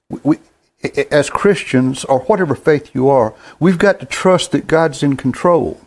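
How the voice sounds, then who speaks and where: Halting older man in his seventies. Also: mid-range voice, a little mellow. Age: 70s. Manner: halting, repeats words, plain-spoken. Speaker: host. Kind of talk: earnest spoken monologue.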